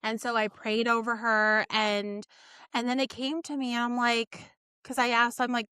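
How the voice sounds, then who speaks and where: Bright-voiced woman telling a story. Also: a little high, smooth, dry recording, clean studio sound. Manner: animated storytelling, quick asides. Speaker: podcast co-host. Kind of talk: casual faith chat.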